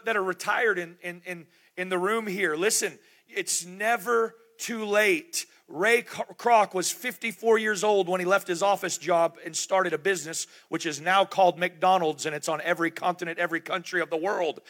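A man in his thirties delivers a sermon to a room full of people. His voice sits high and sounds bright and ringing. He swings between fervent, shouted calls to the congregation and quiet, halting storytelling. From grew up in the United States, born in Germany. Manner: preaching with call-and-response, rising to shouts. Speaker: pastor. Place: large church room.

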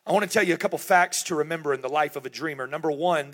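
A man in his thirties preaching a sermon in a large church room, building to shouted call-and-response and dropping to quiet storytelling. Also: fairly high pitch, racing, few pauses. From grew up in the United States, born in Germany. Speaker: pastor.

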